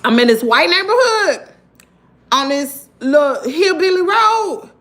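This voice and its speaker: A Southern-accented woman in her thirties tells her viewers a story in a lively, emphatic way. Her voice sits high and sounds bright. She keeps turning to the audience with casual asides. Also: measured pace. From Mississippi. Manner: animated, emphatic, addresses viewers as y'all. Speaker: vlogger.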